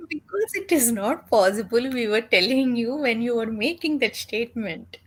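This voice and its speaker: A woman chatting on a reading stream, easygoing and teasing, with some hesitant pauses. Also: fairly high pitch, expressive. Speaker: guest reader on the stream. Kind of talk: casual chat.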